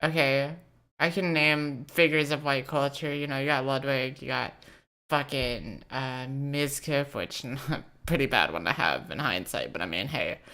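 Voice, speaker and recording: A woman's voice: rumbling low, a little slow, pushed and bright. A woman from the United States co-hosting a podcast in casual, profane, joking chat. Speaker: podcast co-host.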